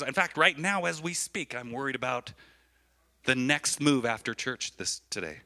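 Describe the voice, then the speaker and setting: A man preaching a sermon as a pastor in church, animated and repetitive, often checking in with his listeners. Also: medium pitch, moderate pace. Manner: animated, repeats phrases, keeps asking the crowd "right?".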